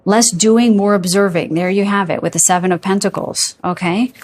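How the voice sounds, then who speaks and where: Over a little hiss or hum, a tarot reader speaks in a mid-range voice at normal speed. She keeps the reading casual and chatty, full of asides, laughing and yawning as she asks viewers "okay?" and calls them "you guys."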